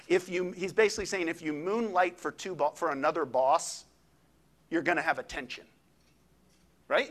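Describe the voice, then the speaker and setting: A man, a pastor, preaching a sermon in a conversational, animated way with quick asides. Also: fairly high pitch.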